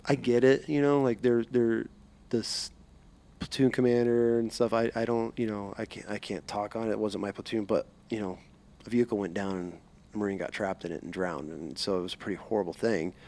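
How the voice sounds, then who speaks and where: Low-voiced man hosting a casual podcast. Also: fairly even intonation, a little fast, warm tone. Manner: rambling, profane storytelling with restarts. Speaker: podcast host. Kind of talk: casual interview chat.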